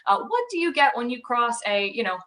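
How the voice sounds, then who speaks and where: A woman's voice: fairly high pitch, big pitch swings, fairly quick, fairly bright tone. Chatty woman hosting. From Long Island, New York. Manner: chatty, joking, swears casually. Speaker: podcast host. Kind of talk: casual chat.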